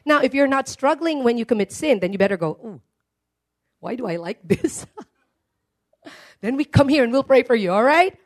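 High-voiced woman preaching emphatically. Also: animated, brisk, long pauses. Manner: emphatic, calls for congregation responses. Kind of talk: sermon.

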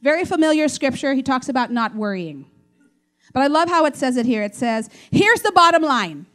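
A woman with a high voice preaches a sermon. She is animated and acts out the voices she quotes. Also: normal speed. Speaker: pastor.

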